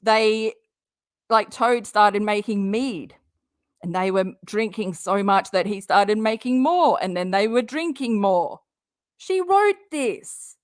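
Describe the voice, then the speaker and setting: Woman streamer ranting about online drama, slow and heated, swears a lot, reads out chat comments, dry close sound. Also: mid-range voice, dry recording. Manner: heated and blunt, swears and talks straight at her target.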